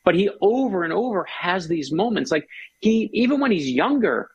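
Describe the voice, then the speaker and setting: A man's voice: high-pitched, sing-song, moderate pace, breathy edge, lo-fi sound. A man, an author guest, telling stories with enthusiasm in a casual conversation. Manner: enthusiastic, storytelling.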